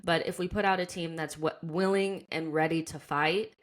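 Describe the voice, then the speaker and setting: Low-voiced American woman hosting a chat. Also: steady tone, normal speed. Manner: chatty, laughs often, leans on "like". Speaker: podcast host. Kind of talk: casual football chat.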